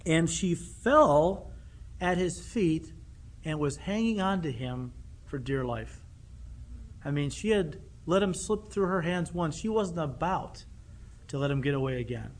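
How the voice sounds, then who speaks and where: High-voiced earnest male preacher. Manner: earnest, with many rhetorical questions. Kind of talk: sermon.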